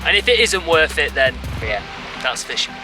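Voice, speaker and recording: Over loud music, a young English fishing vlogger banters his way through an explanation of his riverside method, cheering as a fish takes the line. His slightly high voice has a sing-song lilt and a moderate pace.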